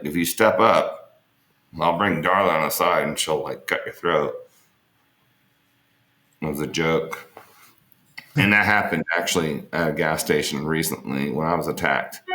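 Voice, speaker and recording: A man's voice: extremely low pitch, measured pace, long pauses, sharp tone, reverberant. A man being interviewed, telling rambling, joking stories in a casual way and swearing freely. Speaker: interview guest. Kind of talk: casual storytelling on an online interview.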